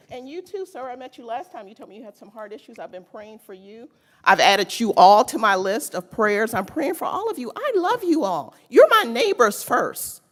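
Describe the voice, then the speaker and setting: A woman making an emotional, pleading public comment at a city council meeting, speaking at a podium microphone. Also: a little high. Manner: pleading, earnest, tearful at times. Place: council chamber.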